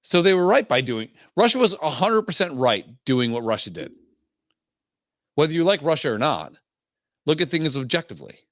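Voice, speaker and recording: A man's voice: a little high, sing-song, normal speed, fairly bright tone, no room sound, studio quality. A man co-hosting a casual podcast, blunt and crude, giving strong opinions. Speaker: podcast co-host.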